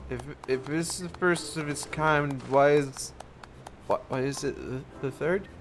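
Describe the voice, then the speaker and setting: A man's voice: on the high side, measured pace, over music. A man streaming a game, making mumbled, trailing casual asides between the dialogue.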